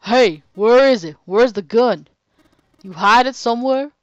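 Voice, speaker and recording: A woman voicing a gruff, hulking man who shouts his demands forcefully, on a dull, dry recording. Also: on the high side, measured pace, dry recording, voice pushed up, lightly acted. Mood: angry.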